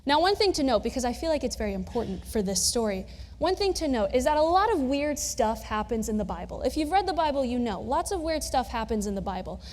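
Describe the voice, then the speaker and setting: A woman's voice: a little high, big pitch swings, quick pace, darkish tone. A young woman preaching a sermon in a casual, conversational storytelling manner with touches of humor, recorded in a church. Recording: long church reverb.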